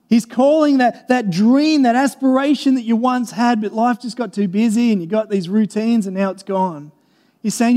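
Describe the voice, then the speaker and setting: A man's voice: very high-pitched, normal speed, mellow. A man preaching a sermon in an earnest, conversational way, repeating and restarting phrases as he reads and explains scripture. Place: church. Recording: long reverb of a large hall.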